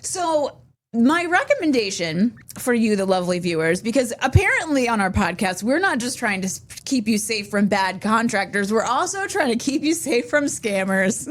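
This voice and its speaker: A woman's voice: a little high, big pitch swings, normal speed. Chatty woman podcast host telling stories. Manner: chatty storytelling, many fillers and restarts. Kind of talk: casual chat.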